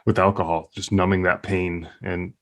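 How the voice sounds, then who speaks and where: A man with a very deep, low voice hosts a podcast interview. He speaks in a measured, supportive way while putting questions to his guest. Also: flat delivery. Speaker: podcast host.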